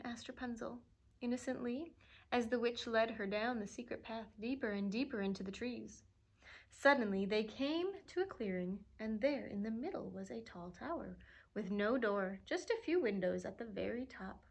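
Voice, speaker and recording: A woman librarian reading a fairy tale aloud for children, expressive and lively, with playful asides. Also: a little high, moderate pace, gravelly. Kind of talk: storybook read-aloud.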